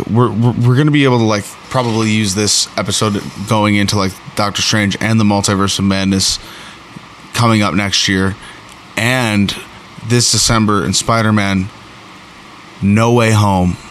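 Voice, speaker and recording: A man hosting a show recaps and reviews an episode, rambling excitably with many fillers and restarts. His voice is fairly low, and there's a little hiss or hum.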